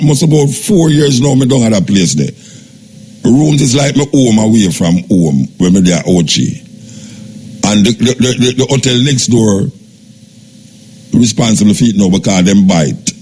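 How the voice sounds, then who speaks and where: An older Jamaican man hosting a radio talk show. He gives a measured, skeptical monologue in Jamaican Patois. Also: fairly low pitch, darkish tone, slightly rough. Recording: radio broadcast with faint background noise.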